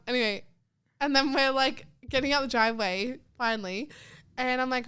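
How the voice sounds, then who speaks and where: A young woman, co-hosting a podcast and telling stories in a lively way, acting out what others said. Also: a little high, moderate pace, smooth. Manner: animated storyteller, acts out quotes. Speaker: podcast co-host. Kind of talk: casual storytelling chat. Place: podcast studio.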